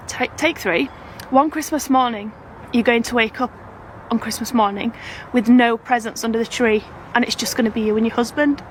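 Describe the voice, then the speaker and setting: A woman's voice: on the high side, fairly even intonation, normal speed, a little hiss or hum. A woman with a British accent, a family vlogger chatting to her camera in a gushing, emotional, rambling way. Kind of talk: casual vlog chat.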